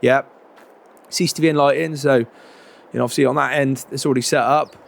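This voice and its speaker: Gravelly bloke chatting in a roleplay game. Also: male voice, medium pitch, steady tone, a little fast. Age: middle-aged. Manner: chatty, lots of fillers, says mate and proper chuffed. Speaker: farmer character and roleplay narrator. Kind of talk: casual in-character roleplay chat.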